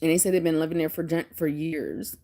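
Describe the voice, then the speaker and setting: A woman vlogger telling stories in casual chat, animated and often breaking into laughter. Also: low voice, brisk.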